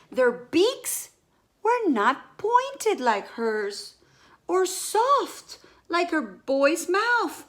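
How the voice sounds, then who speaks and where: A woman reading a picture book aloud in a slow, expressive way, with many exclamations. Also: extremely high pitch. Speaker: storyteller.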